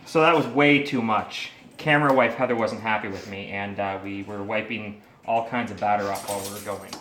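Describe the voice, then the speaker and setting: A man runs his own cooking channel from a home kitchen, talking casually as he cooks and tastes. His voice is sharp and bright. The room is noticeably echoey, with a faint hum of household noise behind him. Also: on the low side, fairly even intonation, fairly quick. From Canada. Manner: chatty, talks while tasting food. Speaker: home cook and channel host.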